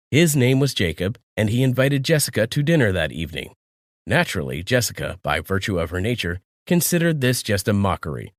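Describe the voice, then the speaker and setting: Man, scripted story narration, low voice, animated delivery, dry close sound. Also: dry recording.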